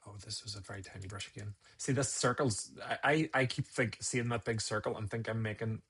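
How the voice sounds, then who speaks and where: A man's voice: on the low side, brisk, a bit bright, husky. A man casually talking viewers through a photo edit on a live stream, rambling and thinking aloud as he works.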